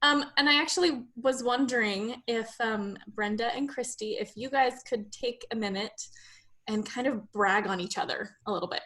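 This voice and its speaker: A woman hosting a casual podcast whose voice sits fairly high. She introduces her guests with eager enthusiasm. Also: normal speed, fairly bright tone. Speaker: podcast host.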